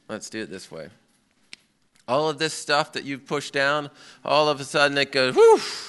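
A middle-aged preacher with a smooth, mid-range voice gives an animated sermon. Whenever he quotes people or their prayers, he acts out their words and outbursts.

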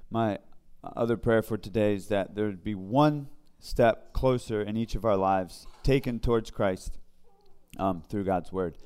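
A man leads a small Bible study in a relaxed, conversational way, pausing and restarting often. His voice sits low and sounds mellow and smooth. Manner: conversational, halting with fillers and restarts. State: briefly emotional. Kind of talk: informal devotional teaching.

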